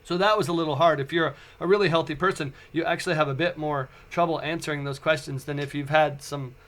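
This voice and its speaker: A man in his forties, a podcast host, telling a personal story in a casual, animated way with frequent stumbling restarts. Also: on the high side. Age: 40s.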